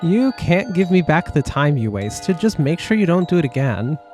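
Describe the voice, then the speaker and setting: Man doing a curt, no-nonsense female sheriff in a game, higher-pitched, faint music under. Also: very animated, normal speed, a little mellow. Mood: stern. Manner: curt and confrontational.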